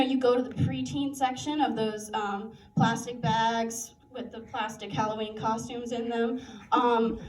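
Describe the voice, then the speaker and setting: Young woman doing chatty stand-up. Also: high-pitched. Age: young adult. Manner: chatty, self-mocking, lots of fillers and laughs. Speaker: stand-up comic. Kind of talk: stand-up comedy set. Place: university coffee house stage. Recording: echoey room, heard from a distance.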